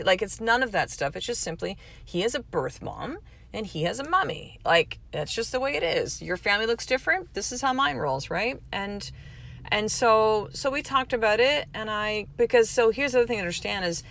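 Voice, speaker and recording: A woman's voice: mid-range voice, fairly bright tone. A woman in her thirties hosting a podcast, talking candidly in a rambling, casual monologue, full of fillers and acted-out quotes. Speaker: podcast host.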